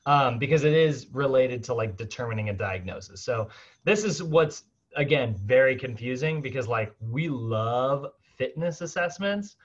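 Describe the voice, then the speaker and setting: Chatty man lecturing in lo-fi audio. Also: medium pitch. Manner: chatty, animated, laughs often, acts out quoted voices. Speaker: fitness instructor. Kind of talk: casual recorded lecture. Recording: slightly dull lo-fi sound.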